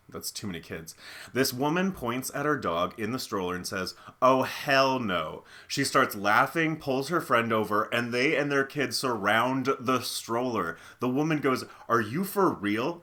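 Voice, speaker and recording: Man, bright voice, chatty and opinionated, casual commentary, rambling asides. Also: medium pitch. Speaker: video host. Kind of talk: casual commentary reading posts.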